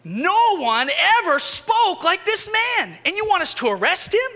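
A man voicing exasperated temple officers who protest loudly in disbelief. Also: wildly swooping pitch, moderate pace, creaky, in a large hall, full character voice. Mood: incredulous. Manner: high-pitched, loud, incredulous protests.

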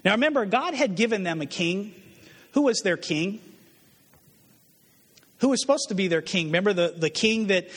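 A man's voice: sits high, fairly bright tone, in a large hall. A man preaching a sermon as pastor, asking his listeners rhetorical questions and acting out the voices he quotes.

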